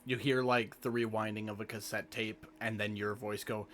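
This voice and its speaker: A man running a tabletop role-playing game as game master, narrating in a relaxed, descriptive way with small restarts. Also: fairly low pitch, normal speed.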